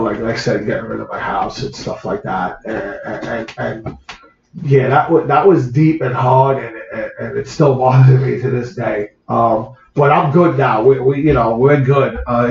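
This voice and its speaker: A man, an actor, recalls a personal story in conversation, halting and repeating words as the feeling comes through. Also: medium pitch, gravelly, a little hiss or hum. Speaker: actor, guest. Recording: roomy, dull lo-fi sound.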